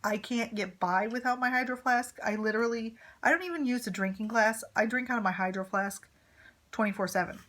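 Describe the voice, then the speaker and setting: A woman's voice: on the high side, fairly even intonation, brisk, a bit bright. A woman in her thirties, a mother vlogging to camera, telling a story in casual, rambling chat full of fillers and asides. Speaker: vlogger, mother of a teenage son.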